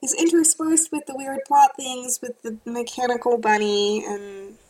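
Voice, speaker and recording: A woman's voice: a little high, fairly even intonation, a little slow, darkish tone, rough recording. A woman co-hosting a casual podcast, making dry, matter-of-fact corrections. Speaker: podcast co-host.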